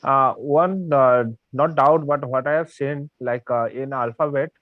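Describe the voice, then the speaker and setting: A man, a student in an online class, asking a question haltingly and filling it with "uh" and "like". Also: mid-range voice, no room sound. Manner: hesitant, full of "uh" and "like". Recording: dry lo-fi call audio.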